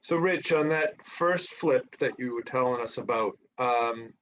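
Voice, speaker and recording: A man's voice: medium pitch, unhurried, background noise. A man on a training call, asking a question in a hesitant way. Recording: dull, lo-fi call audio.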